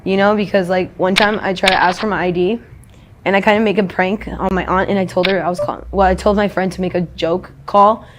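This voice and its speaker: A woman's voice: mid-range voice, steady tone, a little fast. Woman interviewee, rambling blunt talker who swears a lot, noisy street recording behind her.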